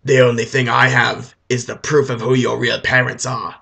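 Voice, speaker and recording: A man voicing a villainous dark wizard who declaims his threats in a comedy retelling. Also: medium pitch, level tone, moderate pace, creaky. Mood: menacing.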